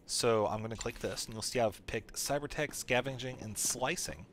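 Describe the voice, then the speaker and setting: A man's voice: mid-range voice, normal speed, fairly bright tone, a little hiss or hum. A man casually commenting while playing a video game, chatty and joking. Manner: chatty, joking, laughs often. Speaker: let's play host.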